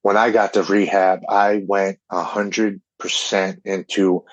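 A man, a podcast guest, telling an emotional recovery story in an earnest, halting way with repeated words. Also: low voice, level tone, no echo. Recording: dull, dry remote recording.

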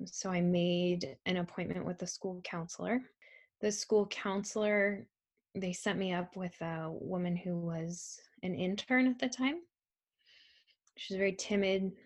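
A young woman telling a personal story in a halting, soft-spoken way, with frequent pauses and ums. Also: on the low side. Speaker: survivor telling her story. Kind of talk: personal testimony.

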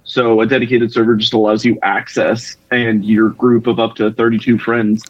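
A man's voice: lowish voice, level tone, moderate pace, no room sound. A man calling into a podcast, casually explaining a video game at length with some filler ums, over a muffled line. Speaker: guest caller. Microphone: on a call line.

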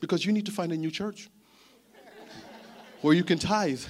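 A man preaching a sermon, telling a story in an animated, chatty way that often repeats words. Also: fairly high pitch, normal speed, a faint crowd. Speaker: pastor.

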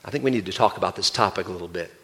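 A male pastor giving a sermon, explaining a Bible passage in a measured, teaching manner. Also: low voice, a bit bright.

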